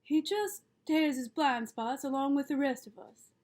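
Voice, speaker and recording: A woman reading the part of a calm, wise middle-aged father, who speaks steadily and patiently. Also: sits high, a little slow. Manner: steady, patient, gently reasoning.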